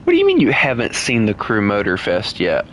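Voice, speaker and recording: Guy on a game stream, bright lowish voice, teasing chat, faint hiss behind. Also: huge pitch swings, brisk. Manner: chatty, teasing viewers, laughs often. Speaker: gaming streamer. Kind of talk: casual live-stream chat while playing.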